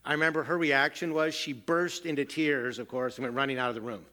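Bright-voiced man preaching a sermon. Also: mid-range voice, steady tone, brisk. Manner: earnest, self-deprecating storytelling. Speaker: pastor.

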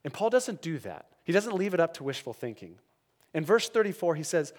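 A male pastor delivers a sermon with earnest conviction, his voice sitting a little higher than most men's. He swings between brisk, lively stretches and quiet, emphatic lows. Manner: earnest, dynamic, drops to soft emphatic lows.

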